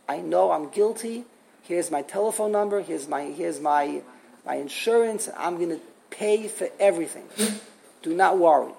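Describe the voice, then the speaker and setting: A woman's voice: fairly low pitch, creaky, a little mellow, slight background noise. A woman voicing a humble male yeshiva teacher who speaks sincerely and apologetically, told within a spoken lesson. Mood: apologetic. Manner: apologetic and earnest.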